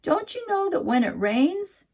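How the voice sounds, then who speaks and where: A woman playing a gentle little girl. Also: very high voice, sing-song, a little slow, voice pushed up, exaggerated voice. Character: kind curious little girl.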